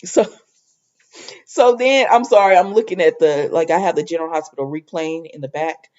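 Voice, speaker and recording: A woman hosting a casual soap opera recap, chatty and animated, laughing as she retells scenes in quoted dialogue. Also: lowish voice, moderate pace, muffled recording.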